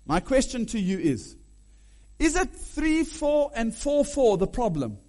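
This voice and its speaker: A man preaching a sermon, animated, humming tunes and questioning his listeners. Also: very high-pitched, a little slow. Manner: animated, hums and sings melodies aloud; asks the audience questions.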